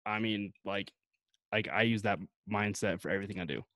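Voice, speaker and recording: Brief: lower-pitched man, relaxed rambling chat, dry close sound. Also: a little fast, dry recording. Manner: laid-back, filler-heavy rambling. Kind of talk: casual chat.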